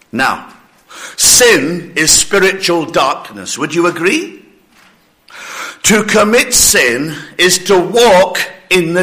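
Slow, emphatic male preacher, breathless. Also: on the high side, pushed and bright. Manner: slow, emphatic preaching with acted-out listener objections. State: short of breath, coughing. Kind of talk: sermon.

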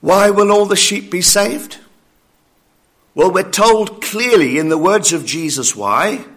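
A man preaching a sermon in a church, emphatic and challenging, slowing down to stress his points. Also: high-pitched, lively intonation, fairly bright tone. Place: church building.

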